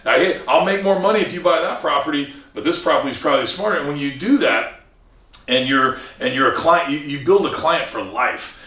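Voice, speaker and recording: Recorded from a distant mic in an echoey room, this man has a slightly high, brisk, bright voice with a forceful tone. He's a commercial real estate broker from Southern California, an earnest interview guest in casual conversation who keeps restarting and acting out the people he quotes.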